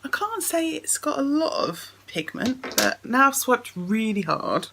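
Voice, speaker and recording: Chatty woman with a gravelly voice. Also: a little high, very animated, measured pace, background noise. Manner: chatty, thinking aloud while swatching. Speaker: beauty vlogger. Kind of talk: casual unboxing chat.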